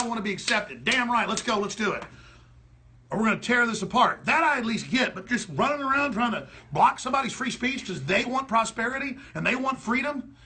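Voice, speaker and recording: A man giving mocking political commentary over video clips, often breaking into shrill parody voices. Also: sharp tone. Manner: gravelly, mocking, switches into shrill mimicking voices. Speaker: talk show host.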